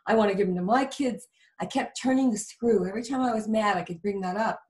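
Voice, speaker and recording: A woman's voice: medium pitch, quick pace, a little mellow. A woman guest earnestly telling a personal story in a conversation. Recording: roomy, distant sound.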